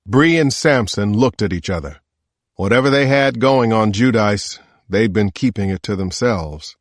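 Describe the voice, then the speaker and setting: Low male voice for a first-person thriller audiobook, calm, dry sound. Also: unhurried, dry recording. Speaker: audiobook narrator. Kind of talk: scripted narration.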